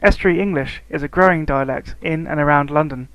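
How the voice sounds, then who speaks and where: A man's voice: on the high side, a bit bright, dry recording, rough recording. Man reading a language lesson script. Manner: reads steadily from a prepared script, slowing on example words. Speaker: student narrator. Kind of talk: scripted educational narration.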